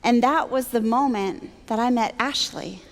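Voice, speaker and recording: A woman sharing a personal faith testimony, animated and self-deprecating, acting out her own thoughts as she tells the story. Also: on the high side, unhurried. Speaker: Christian speaker. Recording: long hall reverb.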